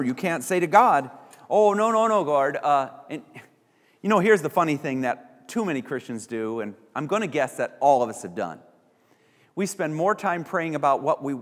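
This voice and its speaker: A man preaching a sermon as pastor, acting out little voices of the people he quotes. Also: mid-range voice. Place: church sanctuary. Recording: church hall reverb.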